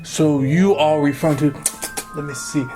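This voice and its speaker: A woman's voice: low-pitched, steady tone, normal speed. A woman hosting a playful family quiz game, teasing and theatrical as she questions the players. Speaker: quiz host. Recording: music playing behind.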